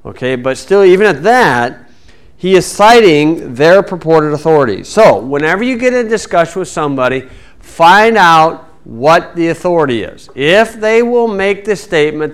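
A middle-aged man teaching a Bible lesson in a folksy, wry way, reading verses slowly and then speeding up. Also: fairly high pitch, lively intonation, clear, resonant tone. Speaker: preacher.

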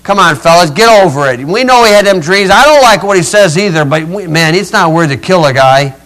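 A male preacher voicing a rough, hotheaded young brother in a retold story, with blunt, folksy talk. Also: high voice, lively intonation, brisk, a bit bright, low-quality recording. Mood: arguing.

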